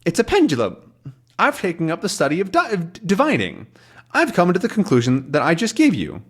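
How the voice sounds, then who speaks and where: A man voicing an absent-minded elderly male professor who rambles about his pendulum in a high, earnest voice. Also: wildly swooping pitch, a little fast, slightly rough, exaggerated voice.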